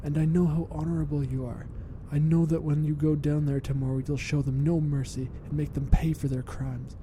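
A man voicing a scheming, murderous young duchess in a hushed, conspiratorial way that sometimes turns to a hiss. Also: little pitch movement, fairly quick, natural voice, poor audio. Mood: fervent. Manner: hushed, conspiratorial, hissing at times. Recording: rumbling background noise.

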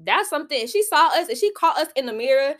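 Candid young woman with a high voice. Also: lively intonation, quick pace, a bit bright. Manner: candid, preachy advice with many "like" fillers. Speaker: podcast host. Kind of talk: solo podcast monologue.

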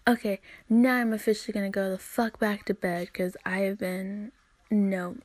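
A woman's voice: medium pitch, little pitch movement, moderate pace, no echo. A young woman podcaster ranting in a rambling, profane monologue, venting about her frustrations. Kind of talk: solo podcast rant.

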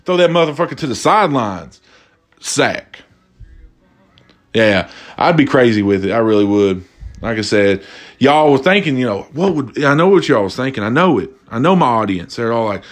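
A young man casually telling stories to his audience, animated and profane, acting out the voices of the people he quotes. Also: medium pitch, normal speed, faint music behind. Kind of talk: casual storytelling monologue.

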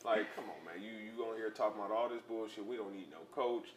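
A young man co-hosting a podcast in casual sports talk, teasing, profane and quick to laugh. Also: on the low side. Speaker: podcast co-host. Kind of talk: casual sports and music chat. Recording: roomy echo, faint room noise.

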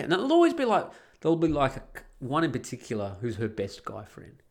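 A man's voice: medium pitch, wildly swooping pitch, brisk. A man hosting a solo podcast, talking in a blunt, sweary, sarcastic way. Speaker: podcast host.

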